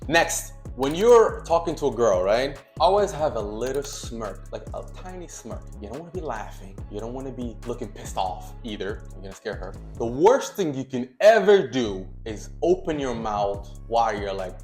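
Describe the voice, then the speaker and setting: A man talks straight to camera with casual dating advice, hammering each point home and acting out the lines he suggests. His voice sits at a middle pitch and bounces around a hard, echoey room, with faint music underneath. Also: big pitch swings, moderate pace, few pauses, darkish tone. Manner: emphatic, repeats key points, acts out example lines. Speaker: dating coach.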